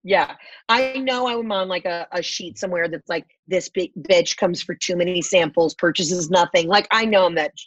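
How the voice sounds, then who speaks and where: A woman's voice: on the low side, normal speed, dull audio, slight background noise. A woman on a casual podcast who tells profane, brash stories and acts out what people said. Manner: profane, brash storytelling with acted quotes.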